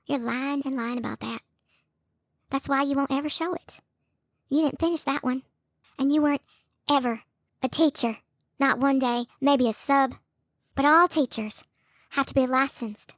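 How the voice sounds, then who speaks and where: A woman rants at two people, scolding and sarcastic, mocking them in shrill put-on voices. Her voice sits high. The sound is dry and close, with no room around it. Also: a bit bright, no echo. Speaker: YouTube commentator. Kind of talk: confrontational call-out rant.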